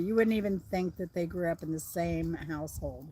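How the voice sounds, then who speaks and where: Speaking briskly with few pauses, a middle-aged woman from the Southern United States rambles casually on an outdoor livestream she hosts. The voice is lowish and a little mellow, and the recording is dry.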